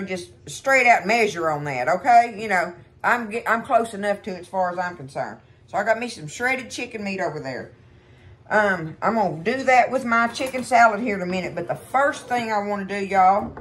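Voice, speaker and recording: A woman's voice: fairly high pitch, a bit bright, a little hiss or hum. Folksy Texan woman hosting a cooking show. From Texas. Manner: folksy, chatty, talks to viewers as y'all. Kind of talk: casual home cooking demonstration.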